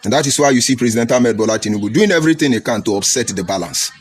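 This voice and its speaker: A man's voice: animated, rapid-fire, slightly rough. A middle-aged man with a Nigerian English accent giving an emphatic, lecturing political commentary broadcast. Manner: emphatic, swoops high and low, lecturing. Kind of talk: preachy opinion broadcast. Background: faint music.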